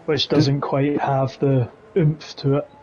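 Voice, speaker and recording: A man's voice: medium pitch, level tone, takes it slowly, muffled recording. A Scottish man co-commentating a sim racing league, with dry, chatty asides. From Scotland.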